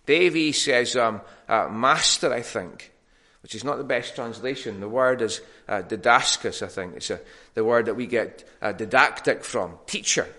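A male preacher delivers a sermon in an easy, conversational way, often pausing on "uh" and restarting his sentences. His voice is bright and clear, at an ordinary mid pitch. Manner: conversational, with frequent fillers and restarts.

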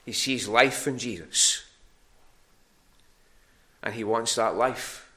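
In a church hall, a man preaches to a congregation in a medium-pitched, bright, forceful voice, taking it slowly. His delivery is conversational, and he often repeats words while searching for the next one.

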